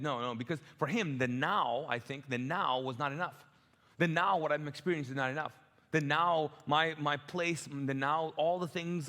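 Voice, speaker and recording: Standing in a church auditorium, a middle-aged pastor from the Middle East preaches in a joking, conversational style and performs different voices. His voice sits on the high side and sounds a bit bright, with long hall reverb on the recording.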